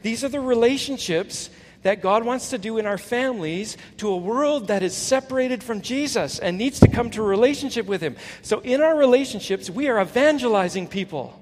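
A male pastor giving an earnest sermon, swinging from emphatic peaks to soft, low asides. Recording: long hall reverb, faint ambience.

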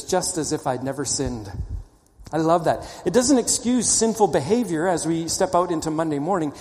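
A male pastor preaching a sermon, swinging from loud animated storytelling to hushed, low emphasis. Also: big-room sound.

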